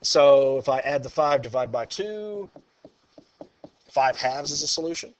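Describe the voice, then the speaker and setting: A man's voice: medium pitch, lively intonation, a little slow. A male math teacher lecturing a class, upbeat and encouraging as he works through problems aloud.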